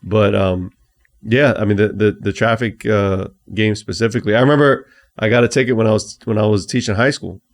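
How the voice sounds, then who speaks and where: Low, gravelly-voiced man chatting easily. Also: brisk. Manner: relaxed, easygoing, many restarts. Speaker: guest attorney. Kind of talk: casual conversation.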